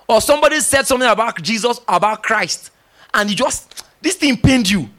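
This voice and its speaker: Emphatic high-voiced male preacher. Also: a little fast. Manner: animated, emphatic, teasing, with laughs and acted-out dialogue. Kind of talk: sermon.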